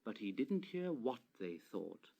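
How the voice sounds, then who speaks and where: A man reading a children's railway story aloud as narrator, expressive and gentle. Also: fairly low pitch, gravelly, lo-fi sound. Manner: expressive, slow read-aloud.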